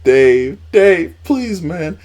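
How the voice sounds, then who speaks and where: High-pitched, pleading male wrestler , put on by a low-voiced man, repeating his pleas. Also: sing-song, extremely slow, a little mellow, exaggerated voice. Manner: pleading, repeating the same plea.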